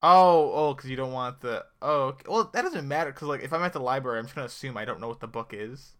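A man's voice: mid-range voice, animated, quick pace, fairly bright tone. A man co-hosting a podcast in casual chat, musing aloud, laughing often and using lots of fillers. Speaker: podcast co-host.

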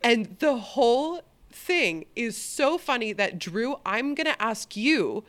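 A woman hosting a podcast, chatting casually and swearing now and then. She sounds animated, with a lively, varied pitch. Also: takes it slowly. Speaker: podcast host. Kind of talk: casual chat.

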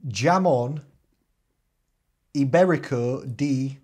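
A man's voice: mid-range voice, darkish tone, husky. Chatty laughing man in casual chat. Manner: chatty, laughs often, reads out a list haltingly.

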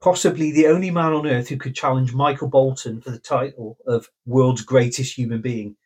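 A man's voice: medium pitch, steady tone, normal speed, husky. A man co-hosting a podcast in casual chat, telling stories with a dry, wry manner. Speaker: podcast co-host.

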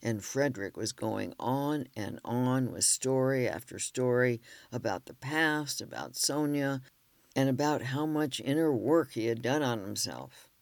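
A man reads self-help narration gently and at an even pace. His pitch sits in the middle range. The recording is dry and close. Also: gravelly, dry recording. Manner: gentle, measured storytelling. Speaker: relationship counselor and author.

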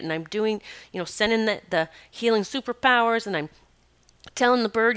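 A woman with a bright, ringing voice tells a personal story in a loose, chatty way. She drifts into asides and fills her speech with "you know." Her tone stays clean and crisp. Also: medium pitch, fairly quick. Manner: rambling and conversational, with many asides and "you know". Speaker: animal communicator and healer.

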